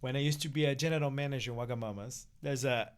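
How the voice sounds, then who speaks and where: A man's voice: medium pitch, fast, clear, resonant tone. A young man with a Brazilian Portuguese accent, speaking English as a second language as a podcast guest, chatting casually and laughing often as he acts out voices. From South Brazil.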